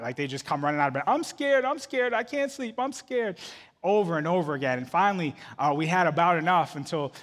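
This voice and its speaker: A man's voice: fairly high pitch, fairly bright tone. Male pastor with a roomy echo. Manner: conversational storytelling with frequent restarts. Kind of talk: sermon.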